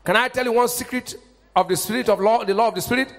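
High-pitched shouting preacher man. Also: quick pace. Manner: fervent preaching, swinging from shouts to hushed asides. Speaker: pastor. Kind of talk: sermon. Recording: hall reverb.

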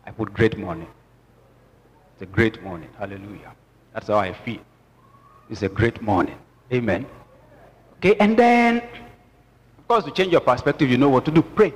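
A man's voice: mid-range voice, lively intonation, moderate pace, long pauses, slightly rough. A man preaching a sermon with emphatic call-and-response to the congregation. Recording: long church reverb with music.

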